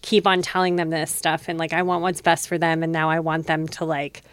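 Lower-voiced woman rambling through a story. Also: level tone, brisk, dry recording. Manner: rambling storyteller, fills with "like", laughs often. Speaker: podcast host. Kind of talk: casual chat.

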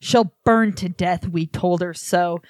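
A woman's voice: lowish voice, fairly even intonation, slow pace, no room sound, studio quality. A woman voicing a pair of pet cats who give a singsong warning in a storybook poem. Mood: scolding.

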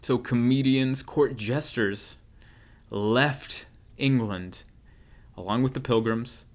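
A man's voice: mid-range voice, takes it slowly. A young man doing a comedic monologue, telling rambling stories with wry asides. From United States.

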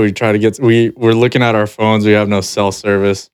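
A man's voice: fairly low pitch, steady tone, fairly quick, clear, resonant tone. A man hosting a casual podcast chat, telling a story in a laid-back way.

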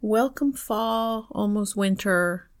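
A woman's voice: mid-range voice, takes it slowly. A woman in her fifties co-hosting a podcast, chatting casually in a teasing, matter-of-fact way and drawing out some words. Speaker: podcast co-host. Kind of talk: casual chat.

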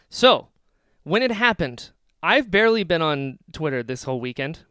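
A man's voice: fairly high pitch, sing-song, moderate pace, bright, forceful tone, smooth, dry recording, studio quality. A man in his twenties co-hosting a podcast, telling a story emotionally with lots of sighs. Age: 20s. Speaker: podcast co-host. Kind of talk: casual chat.

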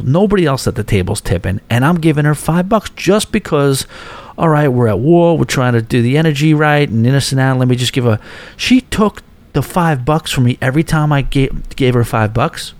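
Man telling a story on a podcast. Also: mid-range voice. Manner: animated, quotes people in raised voices. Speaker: podcast host. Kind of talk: casual storytelling.

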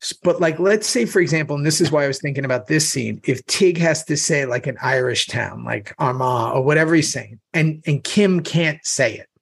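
Husky middle-aged man, casual storyteller. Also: fairly high pitch, a little fast, few pauses. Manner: profane, laughing storyteller. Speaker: podcast co-host. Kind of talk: casual chat.

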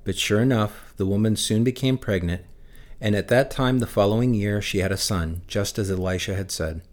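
A man with a fairly low voice reads scripture aloud for his church. His delivery is measured and steady, and he slows down on key phrases. It sounds like a scripted daily reading. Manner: lifts his voice for shouted lines in the text. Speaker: Bible reader for a church.

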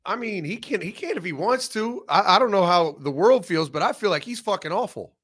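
A man's voice: high voice, expressive, brisk, fairly bright tone, slightly rough. A man speaking as a guest on a sports show, blunt and opinionated, swearing a lot. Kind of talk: casual sports talk.

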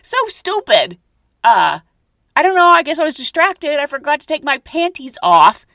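Female podcast host, self-mocking storyteller, very animated pitch, dry closet recording. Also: moderate pace, dry recording. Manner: chatty, giggly, self-mocking. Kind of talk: casual storytelling monologue. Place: closet at home.

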